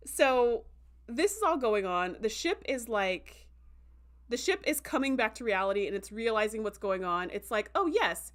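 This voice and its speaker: A woman hosting a casual livestream review, chatty and full of "like" and "um" fillers, who slips into animated voices when quoting characters. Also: a little high, moderate pace. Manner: breaks into animated voices for quotes.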